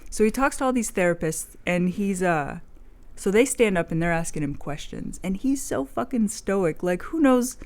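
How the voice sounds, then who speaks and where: A woman's voice: medium pitch, expressive, normal speed, darkish tone. A young woman in casual chat, rambling with lots of "like" fillers and frequent swearing. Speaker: vlogger.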